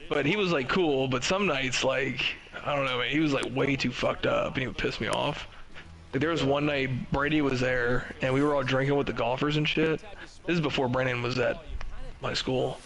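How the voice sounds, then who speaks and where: A man's voice: mid-range voice, fairly bright tone, low-quality recording. A young man telling a rambling, swear-heavy story in a casual podcast chat, acting out what people said. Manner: laid-back, swears a lot, acts out quotes. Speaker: podcast host.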